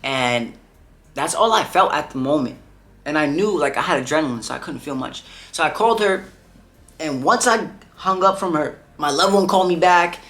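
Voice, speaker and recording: A young man tells a story to his vlog audience in a loose, rambling way, leaning on "like" and "bro" between phrases. His voice sits a little higher than most men's. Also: animated, normal speed, fairly bright tone. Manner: rambling, heavy on filler "like" and "bro". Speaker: vlogger.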